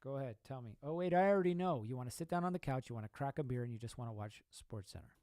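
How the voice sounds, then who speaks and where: A man's voice: medium pitch, animated, racing, a little mellow, dry recording. Emphatic man giving a motivational talk. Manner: emphatic, asks rhetorical questions and repeats points. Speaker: podcast host.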